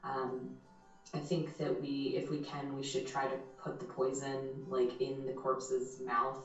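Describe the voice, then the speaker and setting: A man's voice: mid-range voice, monotone, a little slow, a bit bright, soft background music. Distant, echoey male tabletop player. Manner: loose, hesitant planning with fillers. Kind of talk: casual tabletop play. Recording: distant, dull, very echoey mic.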